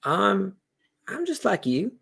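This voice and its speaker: Man doing a raised-voice, teasing young woman vampire, gravelly edge. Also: high voice, wildly swooping pitch, takes it slowly, fairly bright tone, pitched above the performer's own voice, exaggerated voice. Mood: breezy. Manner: breezy, teasing, generous.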